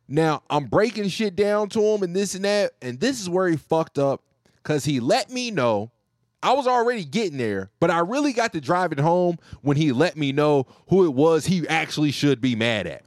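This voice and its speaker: A man telling a profane, joking story about his telemarketing job, animated and casual. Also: a little high, normal speed, no room sound, studio quality.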